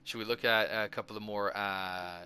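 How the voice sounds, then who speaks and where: Man, hoarse voice, low-pitched, hesitant filler-heavy rambling, gaming commentary. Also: steady tone, normal speed, bright, forceful tone, faint music behind. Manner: hesitant, lots of filler words. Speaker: gaming video host.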